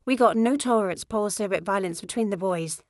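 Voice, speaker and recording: A woman's voice: medium pitch, fast talker, no echo, close to an everyday voice. A stern middle-aged coach with a Long Island accent, blunt and clipped in his words, as a woman reads him. His voice sits at a middling height, recorded dry and close.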